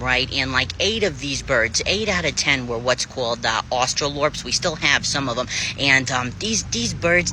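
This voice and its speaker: A man telling stories in a casual vlog, chatty and profane and quick to laugh. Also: medium pitch, sharp tone, slight background noise. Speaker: vlogger.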